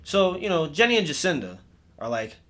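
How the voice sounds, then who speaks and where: A man's voice: a little high, sing-song, fairly quick, fairly bright tone. A man telling a comedic scary story in a casual, rambling way with lots of swearing.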